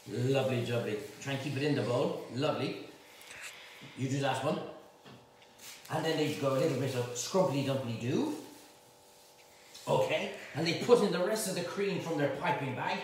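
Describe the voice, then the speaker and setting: A chef hosts a live cook-along, rambling through jokes and slangy asides. His voice sits a little high and moves up and down a lot. He sounds far from the mic in a very echoey room, with faint background noise. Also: expressive, moderate pace, long pauses. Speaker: chef and cooking show host.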